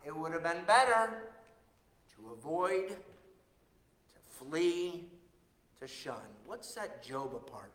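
A man preaching a sermon as pastor, animated, swinging between loud and hushed delivery. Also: a little high, slow pace, pauses often. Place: church. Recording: echoey church hall.

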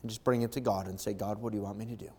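A man's voice: on the low side, steady tone, very fast, slightly rough. Impassioned preaching man in a reverberant hall. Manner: swings from quiet to loud impassioned preaching. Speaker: pastor. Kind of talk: sermon.

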